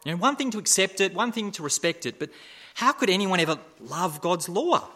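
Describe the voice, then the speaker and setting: A man preaching with a bright, forceful tone and a fairly high voice. He keeps repeating rhetorical questions and moves from loud emphasis to hushed, quiet asides. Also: very animated, fairly quick. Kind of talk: sermon.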